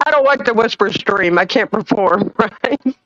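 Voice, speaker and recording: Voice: mid-range voice, lively intonation, moderate pace, a bit bright, no echo. A speaker in casual group chat on a stream, dramatic and mock-accusing, over a crackling microphone. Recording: lo-fi crackling mic.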